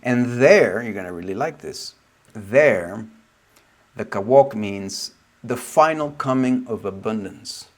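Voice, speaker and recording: Low-voiced man in a reflective teaching talk. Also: animated, slow pace. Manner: reflective, meandering, often trailing off softly. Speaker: spiritual teacher. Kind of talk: casual spoken teaching.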